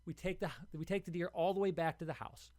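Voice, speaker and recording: A young podcast host from Ohio tells a story in a casual monologue, getting heated, repetitive, and restarting words when worked up. His high-pitched, slightly mellow voice holds a steady tone and moves fast, in a dry recording.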